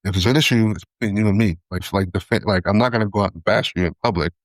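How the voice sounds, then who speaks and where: A man with a low voice talks quickly and loosely, piling up fillers and profanity as he makes his point. The sound is close and dry, with no room around it. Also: dry recording. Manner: fast, rambling, heavy on fillers and profanity. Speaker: podcast co-host. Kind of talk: casual chat.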